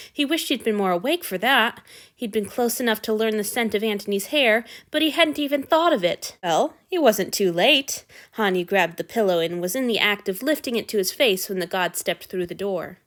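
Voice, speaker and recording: A woman narrating a fan fiction story aloud in a steady, even reading voice. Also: mid-range voice.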